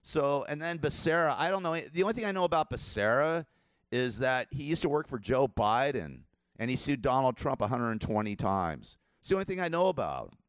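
A man of about sixty hosts his show with casual political commentary, rambling and repeating himself, often chuckling. His voice is smooth and clear at a middle pitch. The recording is dry and close. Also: sing-song, a little fast, dry recording. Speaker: show host.

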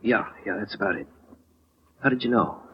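An actor playing a blunt, streetwise working-class family man in 1940s radio-drama style, with a husky voice, on a lo-fi old broadcast. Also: fairly low pitch, animated. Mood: earnest. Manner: blunt, streetwise slang, quick to bristle.

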